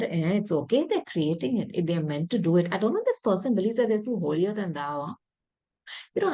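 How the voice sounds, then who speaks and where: A woman reading tarot cards for her viewers, talking in an emphatic, intuitive way, often repeating words and clearing her throat. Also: fairly low pitch, warm tone, rough recording. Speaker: tarot reader.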